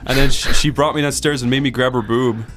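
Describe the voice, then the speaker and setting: A man telling a story in casual gaming chat, deadpan, acting out the people in it. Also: medium pitch, fast talker, over music. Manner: deadpan storyteller, acts out quoted voices. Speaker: let's play co-host.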